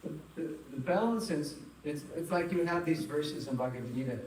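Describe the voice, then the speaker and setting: A man's voice: fairly high pitch, normal speed, a little mellow. A man giving a spiritual talk to a live audience, chatty and engaging, asking the room questions and telling funny stories. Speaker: spiritual teacher. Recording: roomy hall, distant mic, faint noise.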